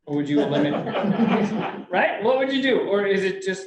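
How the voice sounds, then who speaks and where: A man's voice: sits high, lively intonation, a little fast, hardly any pauses. A man giving a motivational talk to a business group in a meeting room, jokey and full of questions to the audience. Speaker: speaker. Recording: roomy, mic from a distance, faint hum.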